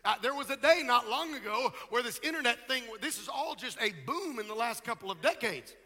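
A middle-aged man preaching a sermon as pastor, emphatic, with rhetorical questions and quieter asides. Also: very high voice, lively intonation, brisk, in a large hall, faint music behind.

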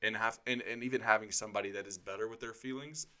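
Blunt, bright-voiced man in casual chat. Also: on the low side. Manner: blunt, animated, quick to joke. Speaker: podcast co-host, pastor.

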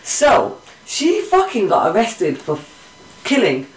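A woman co-hosting a casual true crime podcast, swearing a lot and jumping into loud bursts of outrage. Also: medium pitch, huge pitch swings, takes it slowly, recorded from a distance. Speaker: podcast co-host. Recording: echoey room, voice a bit off-mic.

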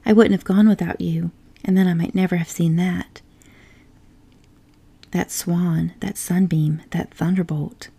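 Woman doing a giddy male storybook toad, murmured rapturously in whispered role-play, low and gravelly. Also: steady tone, a little slow, mellow, exaggerated voice. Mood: dreamy. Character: giddy, dreamy, boastful male toad, adult.

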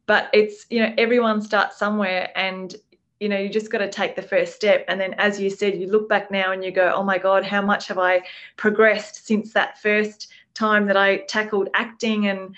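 A woman's voice: medium pitch, level tone, moderate pace, a bit bright, highs cut off. A woman hosting a podcast interview, encouraging and enthusiastic. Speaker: podcast host.

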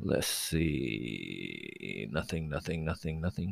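A man's voice: low voice, normal speed, a little mellow, no echo, poor audio. A man hosting his own solo podcast, rambling casually and swearing, mocking himself as he goes. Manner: rambling, profane, self-mocking. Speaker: podcast host.

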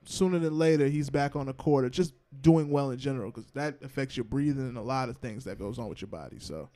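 A man's voice: medium pitch, fast, dark tone. A young man co-hosting a podcast, chatting casually and joking in a laid-back, slangy way. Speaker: podcast co-host. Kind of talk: casual chat.

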